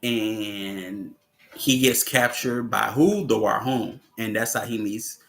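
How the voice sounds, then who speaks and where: Male host, casual movie talk, unhurried, low and gravelly, rambling. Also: a bit bright. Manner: rambling, repeats "you know what I'm saying", chuckles often.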